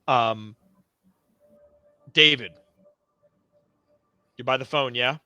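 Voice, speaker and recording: A man's voice: mid-range voice, moderate pace, pushed and bright, no room sound. A man narrating as game master of a tabletop horror game, setting scenes vividly and dramatically.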